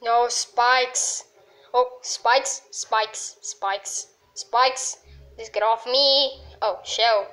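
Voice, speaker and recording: A woman commenting on a game she is playing, excitable and full of yelps and exclamations. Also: fairly high pitch, drawn-out words. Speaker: gamer. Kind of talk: let's play commentary.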